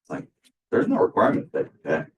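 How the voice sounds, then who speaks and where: A man's voice: rumbling low, wildly swooping pitch, quick pace, far from the mic, dull audio. A male instructor giving a casual recorded class lecture, rambling with many fillers and restarts.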